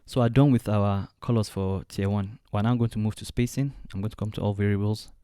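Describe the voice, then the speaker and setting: A man walking through a design software tutorial step by step, thinking aloud as he clicks along. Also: lowish voice, fairly even intonation, fairly quick, clean tone, no room sound, studio quality. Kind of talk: screen-recorded software tutorial.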